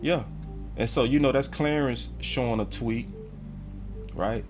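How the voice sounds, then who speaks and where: A man's voice: medium pitch, a little slow, faint music behind. A man hosting a casual sports fan livestream, talking in slang and often getting heated and ranting. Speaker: sports channel host.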